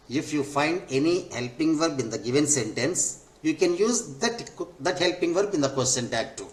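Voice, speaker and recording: A man teaching an English grammar lesson, who repeats each point and spells out the forms step by step. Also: mid-range voice. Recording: echoey room.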